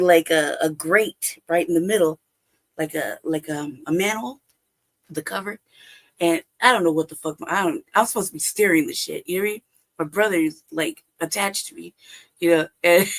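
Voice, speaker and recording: A woman from Los Angeles telling a childhood story on a livestream call, swearing constantly and laughing often. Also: fairly low pitch. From Los Angeles, California. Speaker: livestream guest. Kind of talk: casual storytelling.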